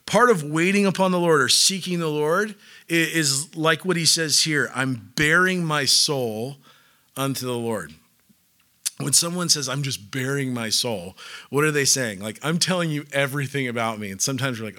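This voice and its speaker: A man's voice: medium pitch, moderate pace. A young pastor preaching in a casual, joking way, acting out little voices to make his points. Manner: animated, joking, acts out voices. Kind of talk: sermon.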